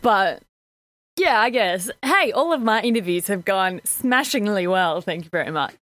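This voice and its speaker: A woman co-hosting a podcast, chatty and quick to laugh as she tells stories. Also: mid-range voice, animated, a bit bright, no echo. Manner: giggly, chatty, storytelling. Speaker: podcast co-host. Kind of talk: casual chat.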